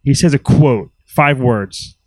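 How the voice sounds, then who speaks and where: A man's voice: medium pitch, takes it slowly, no echo, poor audio. Chatty man co-hosting a podcast. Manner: chatty, animated, swears casually. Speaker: podcast co-host. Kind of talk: casual chat about films.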